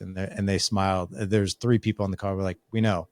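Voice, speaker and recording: Speaking fast in a low voice with no echo, this man appears as a podcast guest. He tells his story in a relaxed way, animatedly performing the dialogue of its characters.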